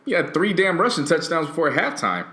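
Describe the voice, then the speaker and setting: A man's voice: on the high side, sing-song, fairly quick, pushed and bright. A man co-hosting a casual podcast, talking in laid-back, teasing banter. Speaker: podcast co-host. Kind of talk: casual chat. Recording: roomy echo.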